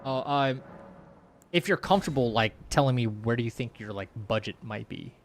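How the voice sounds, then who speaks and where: A man's voice: mid-range voice, moderate pace, a little hiss or hum. Loose, rambling male game streamer. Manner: rambling, loose, full of "like" and restarts, reads chat aloud. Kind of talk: casual live-stream chat while playing.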